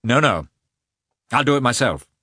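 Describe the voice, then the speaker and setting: A man's voice: medium pitch, lively intonation, normal speed, pushed and bright, slightly rough, dry recording, clean studio sound, voice pushed up. A man voicing an earnest, gloomy young landowner in a storybook reading. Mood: resolute.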